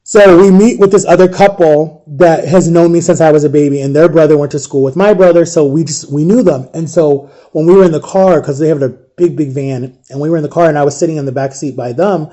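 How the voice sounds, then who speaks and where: A man in his thirties with a slightly high, mellow voice tells a story from his own life. He rambles casually and lets his voice fall almost to a hush when the memories get heavy. He is from Ohio. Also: a little fast. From Ohio, USA. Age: 30s. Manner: rambling, softens to a hush at emotional moments. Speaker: vlogger.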